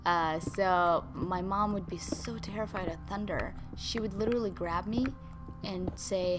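A woman's voice: mid-range voice, steady tone, measured pace. A young woman chatting casually to her viewers and her dogs while playing a game, playful and talkative. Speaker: gaming YouTuber. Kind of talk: casual gameplay commentary. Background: game music.

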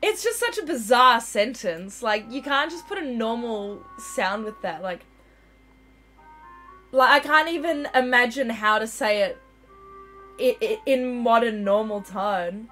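A woman's voice: fairly high pitch, lively intonation, measured pace, sharp tone, faint music behind. A woman hosting a game livestream, chatting casually and laughing often as she plays. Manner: giggly, chatty. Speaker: livestream host. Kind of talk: casual chat over gameplay.

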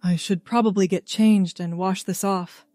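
A woman voicing a shy, nervous young man who speaks in a hushed, hesitant way. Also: mid-range voice, fairly even intonation, normal speed, no echo, soft background music, lightly acted. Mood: grateful.

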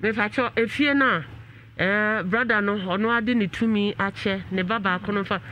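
Sex: man. Role: radio host. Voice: high-pitched. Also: normal speed, pushed and bright, lo-fi sound, slight background noise. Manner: asks short questions, announces station plugs. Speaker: radio talk show host. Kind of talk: radio talk show hosting.

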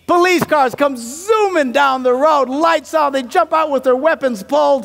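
Man, pastor-comedian, comic sermon, high voice, gravelly rasp, laughs at own jokes. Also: a little slow. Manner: animated, swings between mumbled asides and loud punchlines; laughs at his own stories.

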